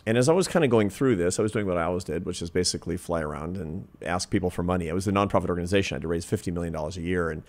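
Deep-voiced guy in his 50s telling a story on an interview, earnest and animated. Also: very fast, few pauses. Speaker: interview guest, social scientist. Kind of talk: reflective storytelling in conversation.

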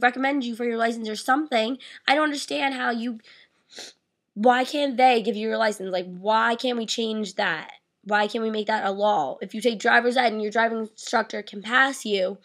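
A teenage girl vlogging, venting with frustration and plenty of swearing, acting out both sides of a conversation in a flat quoting voice. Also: a little high. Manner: frustrated, profane, animated retelling; reenacts dialogue in flat quoting voice. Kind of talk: casual venting to camera.

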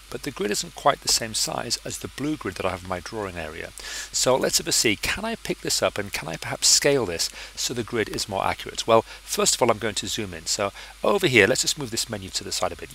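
A man talking through a design software tutorial, thinking aloud in a chatty, self-deprecating way. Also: mid-range voice, gravelly, slight background noise, poor audio. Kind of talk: screen-recorded software tutorial.

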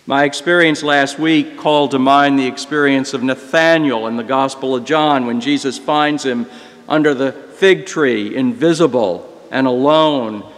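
Slow-spoken older priest in reverberant church. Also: male voice, mid-range voice. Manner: slow, reflective and gentle. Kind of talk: sermon storytelling.

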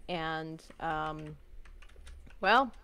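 A woman's voice: low voice, very slow, sharp tone, clear, resonant tone. A woman chatting casually with friends while gaming, playful and jokey, drifting into mumbled asides. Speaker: streamer.

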